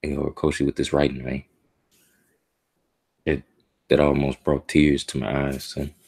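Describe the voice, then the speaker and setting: A man's voice: very deep voice, little pitch movement, normal speed, creaky, a little mellow. A man streaming a live reaction to a comic chapter. He talks casually and emotionally in slang, muttering to himself as he reads.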